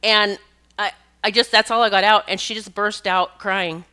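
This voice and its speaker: At a normal speed and medium pitch, a middle-aged woman talks smoothly, with fairly even intonation and a pushed, bright quality. She hosts a podcast and works as a pet communicator, and her casual monologue wanders, full of restarts and occasional laughter as she tells stories.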